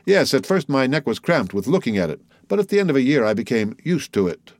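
A man's voice: mid-range voice, very animated, fairly quick, no echo, studio quality, pitched above the performer's own voice, natural voice. A man voicing a humble middle-aged telegraph keeper who is earnest, timid and respectful, in an audiobook reading. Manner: eager, anxious, respectful.

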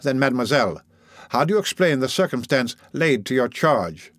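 A man's voice: medium pitch, very animated, normal speed, no room sound, studio quality. A man playing a silky, caressing church prosecutor. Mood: coaxing. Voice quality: soft, caressing, unruffled. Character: falsely gentle middle-aged male church prosecutor.

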